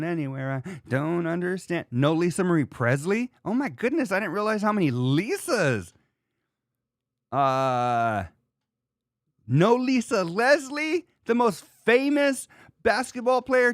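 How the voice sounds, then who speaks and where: A man hosting a podcast in casual chat, rambling and joking in an animated way. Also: high-pitched, no room sound, clean studio sound. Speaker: podcast host.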